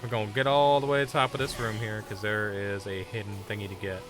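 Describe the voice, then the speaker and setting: A man's voice: fairly low pitch, level tone, fast talker. A man streaming a game live, chatting casually and bluntly brushing off requests from chat. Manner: blunt, dismissive banter with chat.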